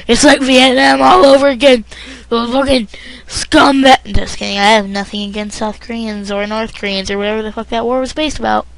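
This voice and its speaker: A woman voicing a crude male war veteran whose throat was cut, talking in a strained, barely-there rasp. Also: on the high side, fairly even intonation, brisk, a bit bright, a little hiss or hum, poor audio. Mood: bitter. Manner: crude, swearing, rambling war stories.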